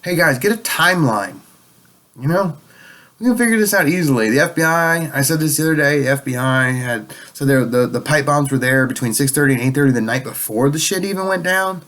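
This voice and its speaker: A man's voice: a little high, lively intonation, fairly quick, fairly bright tone. A man delivering a rambling, profane political rant as a vlogger, sounding a bit tipsy and sarcastic.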